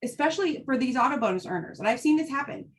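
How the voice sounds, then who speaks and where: A high-pitched woman talks casually and with real fire, driving home her points bluntly. She keeps asking "right?" to pull her listeners along. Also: animated, quick pace. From United States. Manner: fired-up, blunt, emphatic with frequent "right?". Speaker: host. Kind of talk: casual motivational talk.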